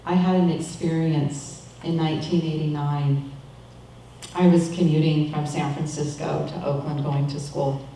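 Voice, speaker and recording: Calm woman preaching in an echoey room. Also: low voice, recorded from a distance, slight background noise. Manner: calm, measured, reflective. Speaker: minister. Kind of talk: sermon.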